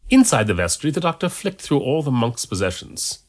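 Lively expressive male narrator. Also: mid-range voice, fairly quick. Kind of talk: amateur audiobook reading.

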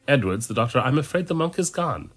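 A man voicing a confident male time-travelling doctor in a calm, dry way. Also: mid-range voice, fast talker, soft background music, voice pushed up. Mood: assured.

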